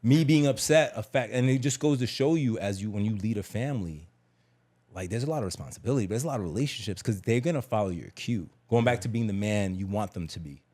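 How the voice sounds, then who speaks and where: A man's voice: on the low side, animated, quick pace, darkish tone. A middle-aged man talking candidly on a podcast, emphatic and slangy, repeating words as he tells a personal story. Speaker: podcast guest.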